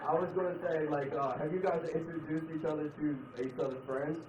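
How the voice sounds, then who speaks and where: Brief: male stand-up comic, animated, slips into voices, heard from across a roomy club, crowd laughing. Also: a little fast. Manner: animated, jumps into loud put-on voices and drops to low mutters. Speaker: stand-up comedian. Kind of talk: stand-up comedy set with crowd work. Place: comedy club stage. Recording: echoey club, distant mic, dull sound, crowd laughter.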